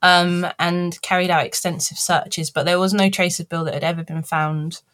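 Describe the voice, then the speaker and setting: A chatty woman narrates a true-crime case in casual podcast talk. Her voice sits on the low side and she lifts into animated bits when acting out the people involved. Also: normal speed. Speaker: podcast host and storyteller.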